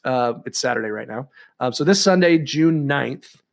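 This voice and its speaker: A man's voice: medium pitch, animated, moderate pace, gravelly. A man co-hosting a casual podcast, rambling and chatty with lots of ums and restarts. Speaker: podcast co-host.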